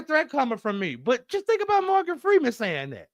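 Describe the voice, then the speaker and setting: A man co-hosting a podcast in casual chat, telling animated, profane stories and acting out other people's voices. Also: high voice, brisk, no echo, clean studio sound. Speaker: podcast co-host.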